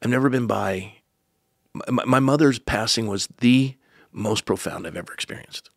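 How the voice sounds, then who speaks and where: A pastor, telling a personal story as a podcast guest, earnest with joking asides. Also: male voice, lowish voice, moderate pace, vocal fry, no echo, clean studio sound. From United States.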